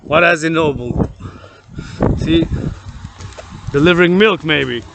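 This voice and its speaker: A man from Canada giving a loud, profane, rambling rant, chanting and repeating words. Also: on the high side, takes it slowly, gravelly, noisy background. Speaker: vlogger.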